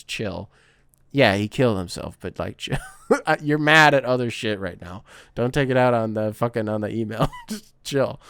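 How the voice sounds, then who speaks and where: A man's voice: mid-range voice, fairly bright tone, smooth, no echo, clean studio sound. A man hosting a casual sports podcast, reading out a listener's email and breaking off often to laugh, riff and swear. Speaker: podcast host.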